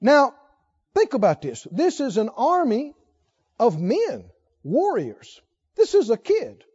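A man's voice: very high-pitched, wildly swooping pitch, takes it slowly, a little mellow, slightly rough, highs cut off. A man preaching a sermon, acting out the story's voices with energy and laughing along.

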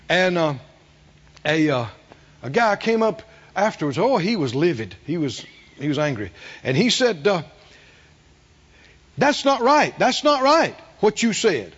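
A middle-aged man preaching a sermon, folksy and animated, asking the congregation questions. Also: fairly high pitch, husky, muffled recording. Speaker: pastor.

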